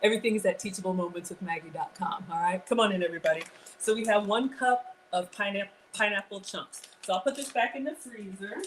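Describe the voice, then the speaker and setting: A woman's voice: medium pitch, fast talker, slight background noise, poor audio. A woman in her forties from Ghana, hosting a casual live cooking stream from her home kitchen, chatting with viewers and poking fun at herself. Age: 40s. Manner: chatty and self-deprecating, greets viewers and reads their comments. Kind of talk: casual livestream cooking chat.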